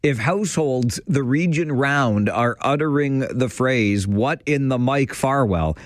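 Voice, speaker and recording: A man's voice: mid-range voice, measured pace, no echo, studio quality. A man hosting a radio call-in show, playful and teasing as he chats with callers. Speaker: radio talk show host.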